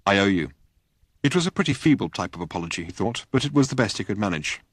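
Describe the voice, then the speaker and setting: A man narrating an audiobook in a wry, measured reading voice, recorded in a studio. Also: lowish voice, sing-song, husky, no echo.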